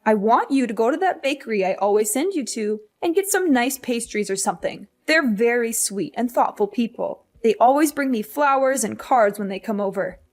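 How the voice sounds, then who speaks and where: A woman's voice: fairly high pitch, lightly acted. A woman voicing a demanding, guilt-tripping older mother in a hospital bed, in a scripted story drama, with a scolding, condescending manner. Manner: scolding, condescending, self-pitying.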